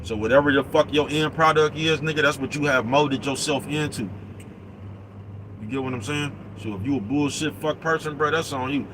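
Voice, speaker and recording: Streetwise trucker over road noise. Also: male voice, fairly high pitch, normal speed. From East Oakland, California. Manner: streetwise, profane, keeps asking "you know what I'm talking about". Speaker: truck driver vlogger. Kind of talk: casual vlog monologue answering comments. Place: inside a big truck cab on the road. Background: traffic and vehicle noise.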